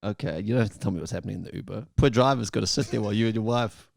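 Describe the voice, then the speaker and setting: A man's voice: on the low side, very fast, gravelly, no echo, studio quality. A man co-hosting a podcast, joking, teasing and laughing often in casual banter. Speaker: podcast co-host.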